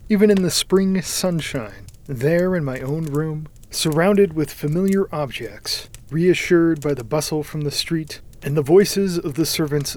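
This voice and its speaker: A man reading a first-person story aloud in a measured, dramatic manner, sometimes sinking to a hushed whisper. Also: a little high. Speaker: audiobook narrator. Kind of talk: scripted first-person narration.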